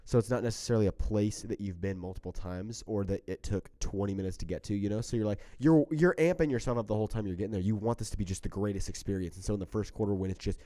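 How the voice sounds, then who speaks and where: Low, mellow man in dry sound. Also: fast talker, hardly any pauses, no room sound. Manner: laid-back listener, short agreeing replies. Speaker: podcast co-host. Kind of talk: casual chat.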